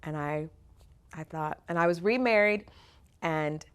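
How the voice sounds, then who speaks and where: A middle-aged woman, an actor and singer, telling stories from her career in an interview. She is animated, laughs often and acts out the voices of people in her stories. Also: on the low side, normal speed. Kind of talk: conversational interview storytelling.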